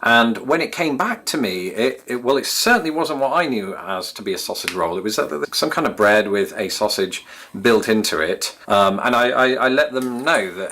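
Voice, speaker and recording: A man in his thirties from England, with an English accent, reminisces to his YouTube channel's viewers in a wry, self-deprecating, chatty monologue. His medium-pitched voice is animated, bright and forceful at a normal pace, with slight background noise.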